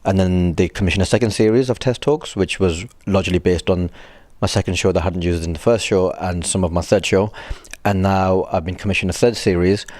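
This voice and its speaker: A man talks casually as an interview guest, fairly low-voiced and wry, with self-deprecating asides. His voice is recorded close and dry. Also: fairly even intonation, a little fast, a little mellow, no echo. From Blackburn, northern England. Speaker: comedian guest. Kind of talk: casual chat.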